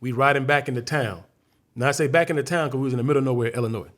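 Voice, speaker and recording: A man's voice: medium pitch, racing. A man from Chicago, a guest comedian, telling a story in a casual interview, acting out scenes and voices vividly.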